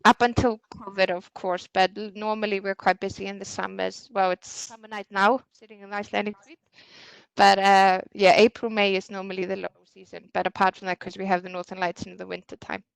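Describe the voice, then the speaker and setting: A woman's voice: medium pitch, flat delivery, a little fast, vocal fry, smooth, no echo, rough recording. A woman representing a hotel who answers webinar questions over a video call in short, hesitant replies.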